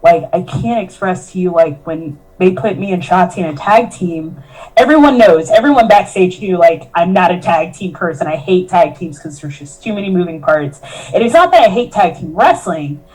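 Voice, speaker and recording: A woman's voice: on the low side, expressive, normal speed, a little mellow, poor audio. Earnest, emotional woman recounting her story. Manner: earnest and emotional, quoting herself and others. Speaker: professional wrestler, podcast guest. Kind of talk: candid interview storytelling.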